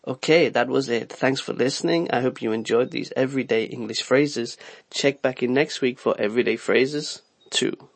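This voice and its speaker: A man reading a scripted English lesson, slowly and deliberately listing everyday example phrases one by one. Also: mid-range voice, no echo. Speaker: English teacher.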